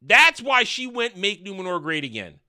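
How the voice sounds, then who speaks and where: A man rants through a show review in a crude, sarcastic tone, tripping over restarts as he goes. His voice sits high and sounds bright and forceful. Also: sing-song, normal speed.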